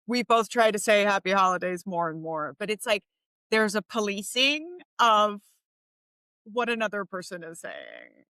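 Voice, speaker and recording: A woman's voice: medium pitch, sing-song, a little slow, sharp tone, dry recording. A woman co-hosting a podcast in casual chat. She speaks in an earnest, thoughtful, agreeable way with filler-laden asides. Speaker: podcast co-host.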